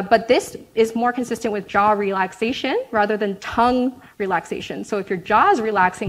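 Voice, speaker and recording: A woman's voice: medium pitch, poor audio. Woman giving an academic research talk. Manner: explanatory, frequent "right?" check-ins and "um" fillers. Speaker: academic presenter.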